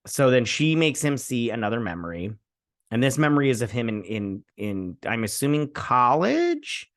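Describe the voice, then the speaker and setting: A man's voice: mid-range voice, big pitch swings, moderate pace, dry recording, studio quality. A man hosting a casual episode review, recapping scenes in an offhand, rambling way with many fillers and asides. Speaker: host.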